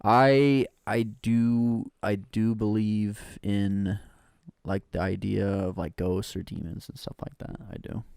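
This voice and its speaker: Low, hesitant male podcast co-host. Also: flat delivery, takes it slowly, vocal fry, a little mellow, clear, resonant tone, no echo, studio quality. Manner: hesitant, many likes and restarts. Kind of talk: casual chat.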